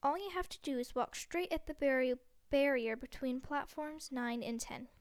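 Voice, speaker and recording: A woman voicing a plump, motherly woman who gives warm, brisk instructions in a storybook reading. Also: sits high, dry recording, clean studio sound, natural voice. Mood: kindly. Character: kindly plump mother of many sons.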